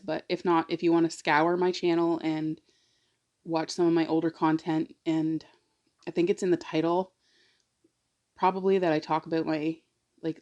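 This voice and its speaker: A mukbang vlogger tells a personal story casually, rambling on, filling her talk with "like," and adding emotional, confiding asides. Her voice is low and a little mellow, and the sound is lo-fi.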